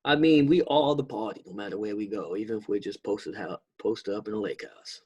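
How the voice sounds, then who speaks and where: Husky New man chatting casually. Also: fairly low pitch, a little fast, a little mellow, muffled recording. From New York. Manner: laid-back, rambling, swears freely. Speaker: podcast co-host. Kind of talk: casual chat.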